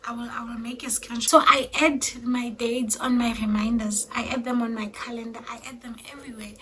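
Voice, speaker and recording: A young woman chatting casually to her viewers as a vlogger, often dropping to a hushed near-whisper and repeating herself as she talks. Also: on the high side, steady tone, fairly quick, a little hiss or hum, rough recording. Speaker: vlogger and mother of three. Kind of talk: casual chat to camera.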